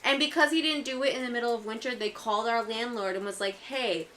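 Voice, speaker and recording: A woman with a bright, sharp voice talks casually on a podcast. Her tone is chatty and exasperated, and there is a little background hiss. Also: fairly high pitch, steady tone, fast talker. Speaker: podcast co-host. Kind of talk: casual storytelling.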